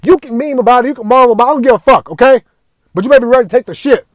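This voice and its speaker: A man with a high-pitched voice tears into his audience in a furious rant, swearing with nearly every sentence. His voice is dry and close, with no room sound around it. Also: racing, no echo. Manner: heated, swearing constantly, raising voice at times. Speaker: video ranter. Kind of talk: angry profane rant.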